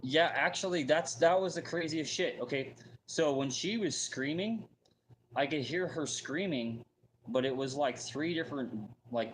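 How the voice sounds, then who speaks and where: A man's voice: medium pitch, slight background noise, rough recording. Man, mid-range voice, rambling casual storyteller, lots of "like" and "you know". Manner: rambling, full of fillers and restarts.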